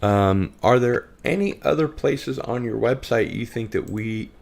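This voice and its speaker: A man's voice: mid-range voice, unhurried, vocal fry, slight background noise. A man hosting a casual podcast, chatting loosely and reading out viewer comments. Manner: relaxed, reads out viewer comments. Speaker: podcast host. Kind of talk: casual live-stream chat.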